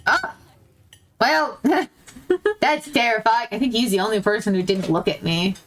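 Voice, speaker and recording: A woman's voice: a little high, animated, unhurried, a bit bright. A woman streaming a visual novel, giggling and joking as she reads choices aloud in a casual, playful way. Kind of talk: casual let's-play commentary.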